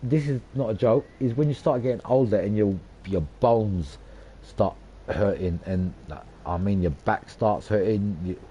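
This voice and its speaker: A man's voice: lowish voice, dark tone, highs cut off. A man, rambling and ranting over his own gameplay, swearing a lot and repeating himself for emphasis. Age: 40s. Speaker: gaming channel host.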